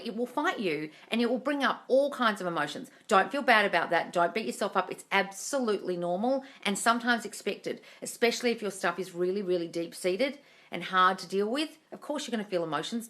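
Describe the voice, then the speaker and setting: Fairly quick and expressive, this woman's medium-pitched voice has a slight brightness. Hosting a phone-livestreamed Q&A as a manifesting coach, she reassures and chats with viewers, calling them darling and letting the odd swear word slip.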